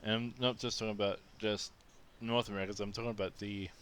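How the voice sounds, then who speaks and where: Blunt, low-voiced Aussie vlogger. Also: male voice, level tone, fast, fairly bright tone, a little hiss or hum. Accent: Australian. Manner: blunt, exasperated, frequent restarts. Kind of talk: casual storytelling rant.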